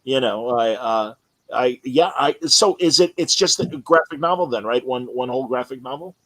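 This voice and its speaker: A man hosts a casual interview at an average pitch. He asks eager, rambling questions and keeps restarting his sentences. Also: normal speed, fairly bright tone, low-quality recording. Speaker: podcast host.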